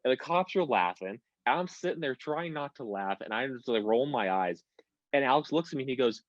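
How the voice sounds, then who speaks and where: A man's voice: mid-range voice, animated, fast, highs cut off. A young American man telling stories on a podcast, rambling and swearing freely. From United States. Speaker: podcast guest. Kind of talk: casual podcast chat.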